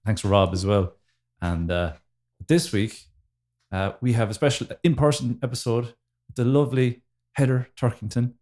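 A man's voice: medium pitch, steady tone, normal speed, a little mellow. A man with a Wexford accent, hosting a casual podcast chat in an easygoing, chatty way with frequent laughs. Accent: Wexford, New Ross. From County Wexford, Ireland. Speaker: podcast host.

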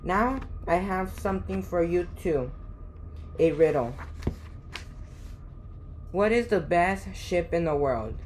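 A woman reading aloud as a bubbly young girl detective who loves pink, playful and slow. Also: lowish voice, expressive, a little mellow, slight background noise.

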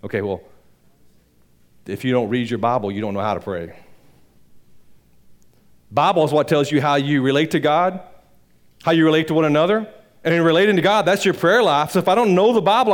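A male pastor preaching a sermon in church, swinging between loud emphatic peaks and low quiet asides, with a rambling, folksy delivery. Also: brisk, pauses often. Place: church sanctuary.

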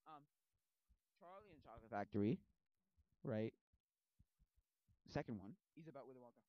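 A man's voice: mid-range voice, expressive, normal speed, no echo. A man in his early twenties, rambling casually and animatedly, acting out scenes as he talks. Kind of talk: casual chat. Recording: dull lo-fi sound.

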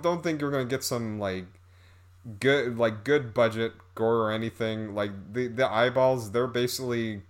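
A man reviewing a movie in a casual, rambling, sarcastic way, stopping to laugh at it. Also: on the low side.

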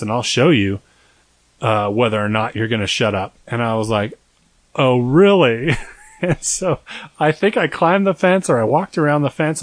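A man's voice: mid-range voice, dry recording. A young man co-hosting a podcast, telling a long story in a rambling, self-deprecating way. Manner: rambling, self-deprecating, acts out quoted voices. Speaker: podcast co-host. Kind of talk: casual storytelling chat.

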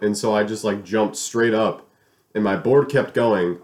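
Very deep-voiced young man, animated and profane. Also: normal speed. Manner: animated storyteller, swears freely, mimics voices. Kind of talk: casual chat.

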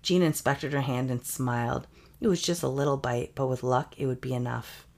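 Low-voiced woman reading a story aloud. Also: steady tone, brisk, darkish tone. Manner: reads aloud with playful asides and laughter. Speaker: podcast co-host reading a story. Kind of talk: comedic story reading with banter.

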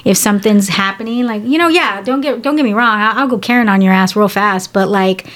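A woman from San Antonio, Texas, co-hosts a podcast in casual chat, talking a little fast in a mid-range, slightly bright voice. She's chatty and profane, rambling with lots of fillers, restarts and cheerful swearing.

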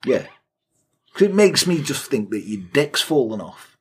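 Very animated and a bit rough-voiced, this man co-hosts a podcast and walks through a historical crime case with crude humor and sarcastic remarks. He speaks at medium pitch and a moderate pace.

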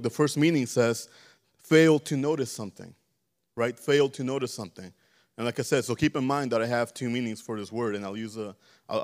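A man's voice: medium pitch, darkish tone. A man preaching a casual sermon in a church, often stammering, repeating words and checking in with the congregation. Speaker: preacher teaching a church service. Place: church sanctuary.

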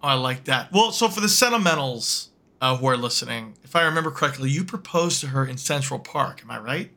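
Bright-voiced male host. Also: mid-range voice, expressive, a little fast. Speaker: podcast host. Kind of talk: casual interview chat.

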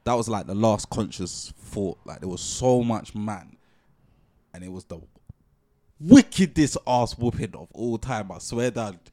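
Young man, podcast storyteller, fairly low voice, dry close sound. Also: measured pace, no room sound. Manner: animated storyteller with slang, restarts and laughs. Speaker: podcast co-host. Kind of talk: casual storytelling chat.

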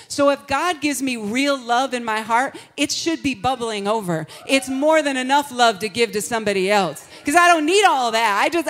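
High-voiced woman preaching fervently. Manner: swings from hushed confiding talk to fervent shouted praise; breaks into sung phrases and laughs often. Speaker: pastor. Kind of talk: Easter sermon.

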